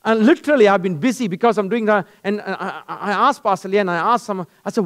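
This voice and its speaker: A male pastor delivers a sermon with a noticeably high voice. He tells stories with animation and speaks directly to his listeners. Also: fast, few pauses. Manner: animated, storytelling, acts out dialogues.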